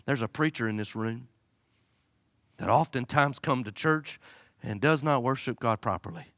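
A man preaching a sermon as a pastor, swinging from loud high-pitched fervor to quiet, low pleading and using folksy humor. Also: moderate pace, no echo, clean studio sound. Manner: folksy humor, acts out his listeners' excuses.

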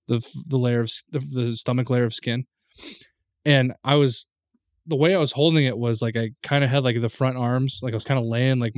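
A man's voice: medium pitch, no room sound, studio quality. A man co-hosting a podcast, recounting a story with lots of fillers and restarts. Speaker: podcast co-host. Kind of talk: casual chat.

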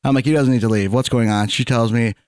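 A man's voice: mid-range voice, no echo, clean studio sound. A man telling a story in casual chat, acting out what people said. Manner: fast, animated storyteller acting out quotes.

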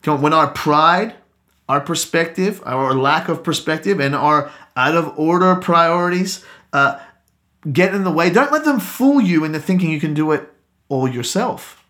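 A man's voice: on the high side, lively intonation, moderate pace, a bit bright. A man preaching a sermon as pastor, earnest and exhorting, repeating key phrases for emphasis.

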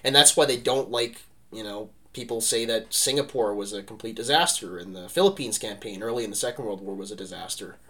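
A man talking history casually as a podcast co-host, animated and rambling, peppering his talk with "like" and "right?". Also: fairly low pitch, a little fast, few pauses.

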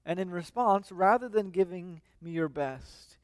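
A man preaching a sermon in a relaxed, conversational manner, often pausing on fillers and restarting his sentences. His voice sits high for a man. The sound is dry and close, with no room echo. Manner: reads scripture aloud. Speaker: lead minister.

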